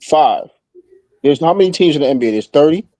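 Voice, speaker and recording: A man's voice: on the high side, expressive, a little fast, mellow, no echo. A man co-hosting a sports talk show, laying out his argument with rhetorical questions. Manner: reasoning, asks rhetorical questions. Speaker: podcast co-host. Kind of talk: casual sports debate.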